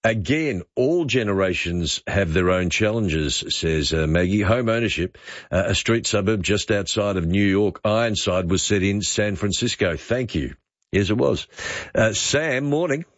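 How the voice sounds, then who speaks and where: Deep-voiced radio host. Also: male voice, animated, unhurried, dry recording, dull audio. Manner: friendly, enthusiastic banter. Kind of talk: radio talk show hosting. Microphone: studio microphone.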